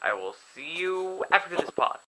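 A young man casually commenting on a video game as he plays, chatty and excitable. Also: sits high, normal speed, noisy background. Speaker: gaming video host. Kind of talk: casual let's play commentary. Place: indoors at home, filming himself.

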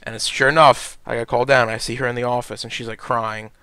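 A man's voice: mid-range voice, flat delivery, quick pace, bright, forceful tone, smooth, no room sound. A young man hosting a casual podcast, telling a long rambling story, swearing a lot and laughing at himself. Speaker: podcast host. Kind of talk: casual chat.

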